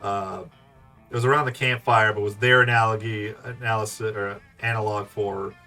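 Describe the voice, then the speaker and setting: A man's voice: fairly low pitch, fairly even intonation, normal speed, pushed and bright. A man hosting a casual let's play, chatting, laughing and reading the game text aloud. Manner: chatty, giggly, loose. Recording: off-mic with faint music.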